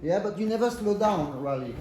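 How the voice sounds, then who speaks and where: A man's voice: high voice, brisk. French-accented male accordion teacher. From France. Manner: counts and sings rhythms aloud, animated. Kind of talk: master class coaching. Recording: echoey room with accordion playing. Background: accordion music.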